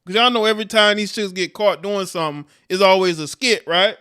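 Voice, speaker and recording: A man's voice: high-pitched, steady tone, brisk, bright, forceful tone, clear, resonant tone. A man hosting a livestream, giving blunt, profane commentary on clips and chat with frequent laughs. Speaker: livestream host reacting to clips.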